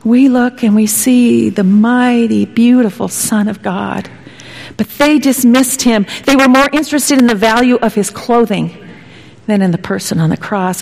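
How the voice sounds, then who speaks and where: A woman pastor preaching a sermon, telling it dramatically and sometimes dropping to a hushed whisper. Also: mid-range voice, creaky. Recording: long hall reverb.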